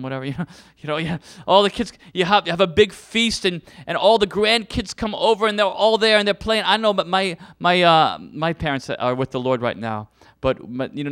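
A man's voice: medium pitch, fairly bright tone. A middle-aged man preaching a passionate sermon, full of restarts and repetitions. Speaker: pastor.

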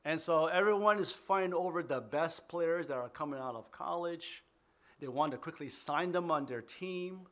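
A pastor preaches to his congregation and leads them in prayer. His voice sits fairly high for a man, and his delivery is fervent, with repeated words and restarted phrases as he builds his point. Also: normal speed, fairly bright tone. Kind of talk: sermon with opening prayer. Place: church in New York City.

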